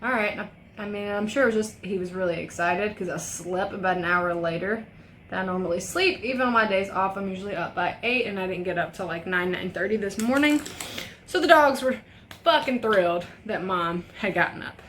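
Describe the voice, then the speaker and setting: A young beauty vlogger chats casually through a makeup tutorial, her voice medium-pitched, brisk and fairly bright. She tells a rambling story packed with swearing, and there's a little hiss or hum on the recording.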